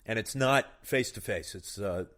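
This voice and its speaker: A man hosting a casual chat, telling crude jokes in an animated way and laughing at his own punchlines. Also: on the low side, moderate pace. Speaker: podcast host.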